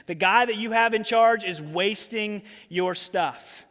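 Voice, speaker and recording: High-voiced male pastor preaching. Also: moderate pace, few pauses. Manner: animated, casual storytelling. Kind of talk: sermon. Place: church. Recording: reverberant church hall.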